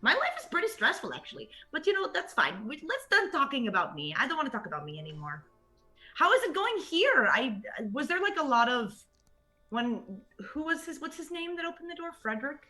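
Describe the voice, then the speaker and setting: Lively, bright-voiced woman at a tabletop game. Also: high-pitched, a little fast. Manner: rambling and chatty, with fillers. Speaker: player. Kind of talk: in-character tabletop play.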